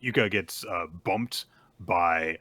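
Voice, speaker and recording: A man's voice: deep voice, slow pace, pushed and bright, dry recording. A man hosting a casual chat show, recapping a story in a laid-back way with lots of fillers and frequent laughs. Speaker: podcast host.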